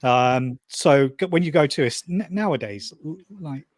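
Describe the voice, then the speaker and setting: A man's voice: mid-range voice, moderate pace, no room sound. Dry-witted man chatting. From Wales. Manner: dry, bantering, laughs at own jokes. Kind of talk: casual chat.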